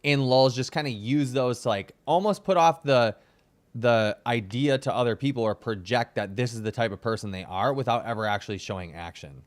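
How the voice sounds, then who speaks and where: A man's voice: mid-range voice, brisk. Laid-back slangy young man. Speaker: podcast host. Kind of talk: casual chat.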